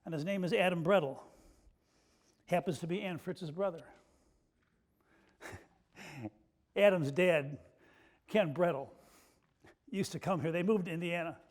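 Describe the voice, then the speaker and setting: Man preaching a sermon, high-pitched voice, folksy and self-deprecating, softens and slows for emotional parts. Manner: drops soft and slow for emotional moments. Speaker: pastor.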